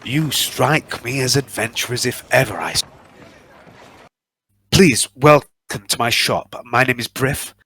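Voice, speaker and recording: A man voicing a kindly, awkward human male druid who speaks softly and hesitantly. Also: mid-range voice, a little slow, slightly rough, dry recording, exaggerated voice. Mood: friendly. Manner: soft-spoken and hesitant.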